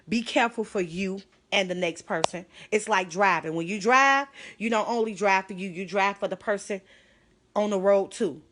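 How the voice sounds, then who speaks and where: A woman talks straight into her phone on a live stream. Her voice is bright and forceful, urgent and pleading, and she sounds close to tears. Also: medium pitch, normal speed, slight background noise. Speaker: livestreamer. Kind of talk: emotional live stream address.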